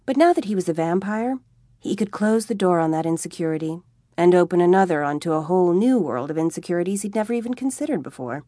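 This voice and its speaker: A woman narrating an audiobook with an expressive, wry comic reading. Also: lowish voice, quick pace, dry recording, studio quality. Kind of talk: scripted narration.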